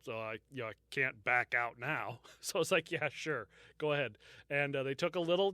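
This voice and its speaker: A man's voice: a little high, pushed and bright, no echo, studio quality. A man co-hosting a true-crime podcast, recounting the case in casual, profane chat and laughing often. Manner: storytelling, swears freely, laughs often. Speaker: podcast co-host.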